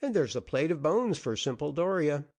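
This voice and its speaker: A jovial middle-aged host, as a male narrator puts him on, booming in stentorian tones. He pitches up high and swings the voice wide and lively, like a proud showman leading a storybook procession. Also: normal speed. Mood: hearty, grand. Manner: stentorian, theatrical. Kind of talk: audiobook character voice.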